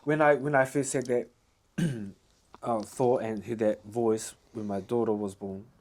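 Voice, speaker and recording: Podcast host, man, mid-pitched, animated storyteller, punchy delivery. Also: a little slow. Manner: animated retelling, punctuated with "boom". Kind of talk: casual podcast chat.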